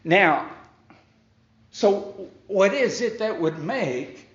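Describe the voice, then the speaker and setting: A man teaches from the Bible in a slow, deliberate preacher's cadence. He reads passages aloud and then unpacks them, leaning on key words for emphasis. The sound is dull and muffled, with a roomy echo around it. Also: high voice, a bit bright. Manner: reads scripture aloud, then explains it point by point; leans hard on key words. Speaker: pastor.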